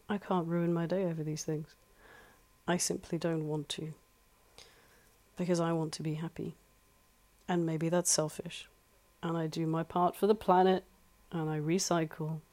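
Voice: medium pitch, darkish tone. A life coach giving earnest, conversational advice from home, repeating points for emphasis. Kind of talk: solo advice talk. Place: home flat.

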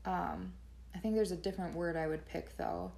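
A woman with a gravelly, fry-tinged voice, pitched a little low, talking through a book recap. She chats casually as a podcast co-host and drops dry jokes as she goes. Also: steady tone, moderate pace, crowd noise. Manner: chatty, laughing, dry asides.

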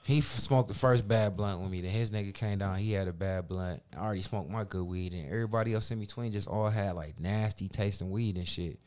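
A man's voice: lowish voice, fairly quick, few pauses, a little mellow, smooth. A man telling a long story in laid-back, profane casual chat.

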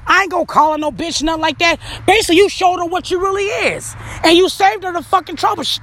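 Brief: high-pitched woman vlogger, bright and forceful, profane and emphatic, faint vehicle hum behind. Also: fast talker. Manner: blunt, profane and emphatic, lecturing the listener directly. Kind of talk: ranting commentary to camera.

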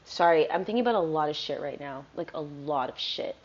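With a low-pitched, expressive voice, a woman from Virginia talks briskly through a loose podcast rant, swearing a lot along the way. She recorded it in her apartment, and the audio sounds dull.

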